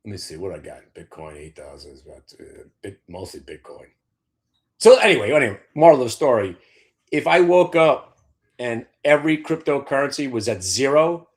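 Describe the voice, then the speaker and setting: A man's voice: mid-range voice, big pitch swings, normal speed. Brash, sarcastic man ranting. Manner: brash, profane, sarcastic rants. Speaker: market show host. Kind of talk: opinionated trading talk.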